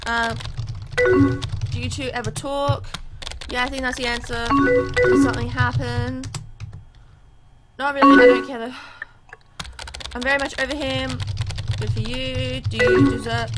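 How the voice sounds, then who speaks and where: High-voiced woman reading game chat aloud. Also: flat delivery, unhurried, pauses often, over loud music. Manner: reads both sides of a chat aloud, chatty and reactive. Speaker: gaming channel host. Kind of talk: let's play, reading chat messages aloud.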